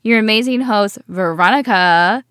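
A young woman co-hosting a podcast in casual chat, talking in quick, giggly bursts. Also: medium pitch, a bit bright, clean tone, no room sound, clean studio sound. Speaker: podcast co-host.

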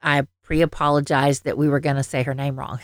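Low-voiced Southern woman co-hosting. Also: level tone, brisk, dry recording, clean studio sound. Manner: rambling, lots of fillers and laughs. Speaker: podcast co-host. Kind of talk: casual chat. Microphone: headphones on, own mic.

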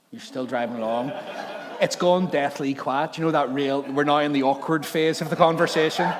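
A man preaching a sermon in church, telling stories animatedly and laughing often. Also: a little high. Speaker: pastor. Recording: long hall reverb, faint background noise.

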